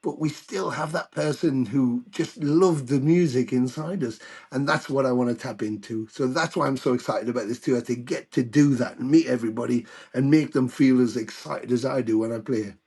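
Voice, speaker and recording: A British man in his older years, a guest musician telling stories in a casual interview, animated and swearing freely. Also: mid-range voice, moderate pace, slightly rough. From United Kingdom.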